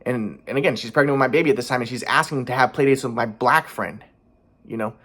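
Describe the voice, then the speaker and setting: A man talks fast in a loose, rambling monologue. He stumbles through repeated restarts and drops frank, profane asides in a mid-pitched voice. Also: a bit bright. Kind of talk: rambling personal vlog monologue.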